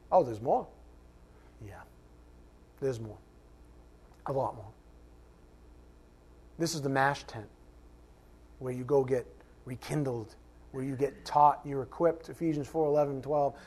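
A man preaching a sermon as pastor, conversational and self-mocking, animated and joking, sometimes shouting. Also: a little high, slightly rough.

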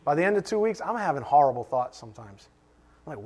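A middle-aged man preaching a sermon, animated, asking rhetorical questions and dropping suddenly to a hush. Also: fairly high pitch, fast talker, husky. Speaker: pastor.

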